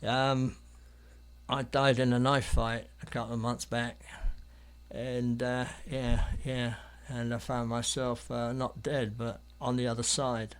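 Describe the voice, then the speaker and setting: Slow and level, the medium-pitched voice of an English artist from London comes through clear and resonant. As an interview guest, he tells anecdotes in a rambling, hesitant manner, with many ums and restarts.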